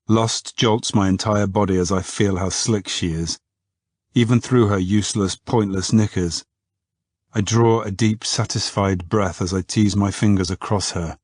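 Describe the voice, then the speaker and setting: A man narrating a romance novel in the first person. His voice is deep and husky, and his delivery is close and unhurried. The recording is dry, with no room sound. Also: a little mellow, dry recording. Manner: intimate, unhurried storytelling. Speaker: audiobook narrator.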